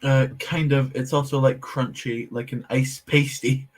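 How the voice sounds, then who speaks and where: A man hosts a casual Lego livestream, chatting with viewers while tinkering with a build, laughing easily and poking fun at himself. His voice is medium-pitched with a flat delivery and a measured pace.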